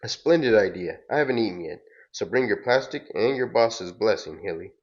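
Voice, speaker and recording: A man doing a suave teasing gentleman, low voice, muffled lo-fi audio. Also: lively intonation, fairly quick, lightly acted. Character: smooth charming gentleman. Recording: dull lo-fi recording.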